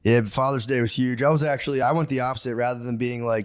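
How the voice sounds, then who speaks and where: A man's voice: mid-range voice, fairly even intonation, quick pace, hardly any pauses, clean tone. A man co-hosting a comedy podcast, casual and rambling, swearing often and acting out his own quotes. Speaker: podcast co-host; comedian and dad. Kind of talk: casual chat.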